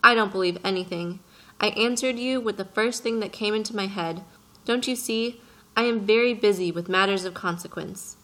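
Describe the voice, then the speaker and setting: A woman's voice: mid-range voice, moderate pace, bright, forceful tone, natural voice, rough recording. A woman voicing a busy adult pilot who answers curtly and distractedly in an audiobook reading. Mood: flustered. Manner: curt, distracted replies. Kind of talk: audiobook character voice.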